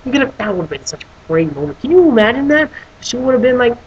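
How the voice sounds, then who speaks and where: On a casual video, a fast-talking film reviewer with a mid-range voice rants with few pauses, swearing constantly and restarting frequently. He slips into voicing characters, and the sound is lo-fi with slight background noise.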